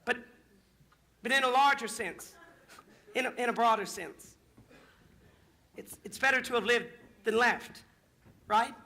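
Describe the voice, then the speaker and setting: A young man in a high school musical plays a lonely theatre fan, narrating in a confiding, rambling way with bitter asides. His exaggerated voice is very high-pitched, gravelly, pushed and bright, delivered at a measured pace with long pauses. There is slight background noise.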